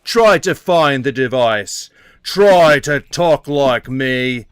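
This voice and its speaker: A man voicing a theatrical male announcer who makes slow, loud, mock-dramatic threats in a put-on Australian accent. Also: mid-range voice, animated, clear, resonant tone, no echo, studio quality. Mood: mock menacing. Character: menacing male store-bomb announcer, theatrical.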